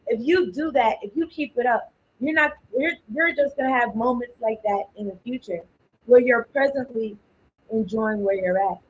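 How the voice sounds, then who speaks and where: A woman's voice: a little high, slight background noise, rough recording. A woman giving a casual tarot reading, thinking aloud, blunt and informal, often trailing off. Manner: blunt and informal, with slang and swearing. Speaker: tarot card reader.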